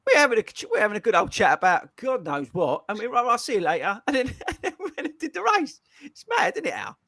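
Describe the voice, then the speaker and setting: A man, high-voiced and swooping all over as he tells a story and laughs his way through it. His voice is dry and close, with no room around it. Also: big pitch swings, fast, pushed and bright, no room sound. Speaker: podcast host. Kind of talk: casual chat.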